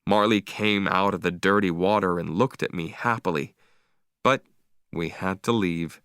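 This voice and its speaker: A man reading a story aloud slowly and clearly for English learners, with expressive delivery. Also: low-pitched, dry recording, studio quality. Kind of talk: slow read-aloud story narration.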